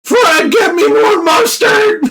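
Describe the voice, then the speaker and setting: A man doing an impression of a goofy young male cartoon slacker, whiny and yelling in a panic. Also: extremely high pitch, slow, vocal fry, heavy background noise, voice pushed up, heavily acted. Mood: panicked.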